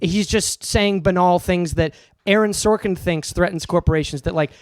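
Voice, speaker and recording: Smooth-voiced sarcastic man on a podcast. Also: high voice, moderate pace, no room sound, studio quality. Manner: sarcastic, explains at length with restarts. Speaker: podcast co-host. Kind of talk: casual comedic chat.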